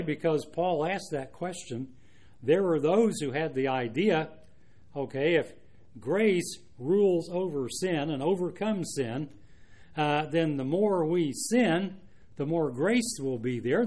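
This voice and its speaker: A man preaching an expository Bible sermon in an earnest, measured way, reading out verses and explaining them. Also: a little high, darkish tone. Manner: earnest, measured, with frequent restarts and asides.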